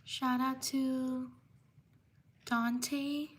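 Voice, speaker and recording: A woman hosting a livestream, reading viewer names in a slow, repetitive way. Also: high-pitched. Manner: slow, flat, repetitive listing with pauses. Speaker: livestream host. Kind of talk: reading out viewer shout-outs.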